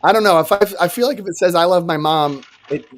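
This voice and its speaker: A young man from New York co-hosting a casual comedic chat, animated and sarcastic, swearing freely. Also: high-pitched, fast. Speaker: podcast co-host.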